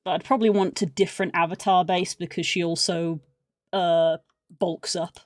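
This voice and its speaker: A woman streamer chatting casually and excitably on a live art stream, rambling through tangents from a room at home. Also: lowish voice, moderate pace, no room sound, studio quality. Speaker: livestreamer.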